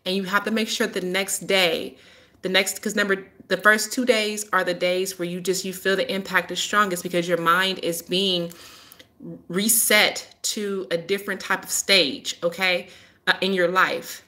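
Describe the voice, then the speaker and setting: A woman talking straight to her viewers in a casual live stream, emphatic and insistent, circling back to the same point. Her voice sits a little low but comes across bright and forceful. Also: little pitch movement, moderate pace. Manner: emphatic, repeats her warnings. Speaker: healer hosting a live stream.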